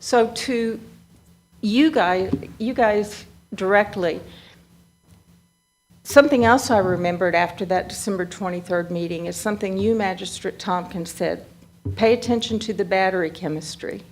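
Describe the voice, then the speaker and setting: A woman's voice: medium pitch, brisk, faint music behind. A woman presenting to a county fiscal court, talking in a chatty, self-interrupting way. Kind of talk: public meeting remarks. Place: county meeting room.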